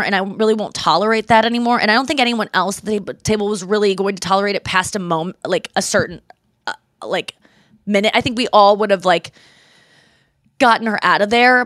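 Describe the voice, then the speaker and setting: A woman hosting a podcast, chatting casually and telling lively stories, mimicking other people's voices in quotes. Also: mid-range voice, dry recording, clean studio sound. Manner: animated storyteller who mimics voices in quotes. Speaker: podcast host. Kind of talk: casual chat.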